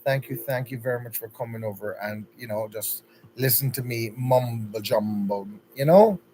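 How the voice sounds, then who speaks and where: A man's voice: medium pitch, normal speed, mellow, slight background noise, poor audio. A man with a Jamaican accent hosting a casual livestream, chatty and upbeat, greeting viewers one by one by name. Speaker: livestream host.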